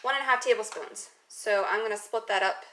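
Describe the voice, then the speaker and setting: In a noisy home kitchen, a young cooking vlogger talks through a recipe in a loose, rambling way, poking fun at herself. Her medium-pitched voice is bright and forceful, and she speaks fairly quickly.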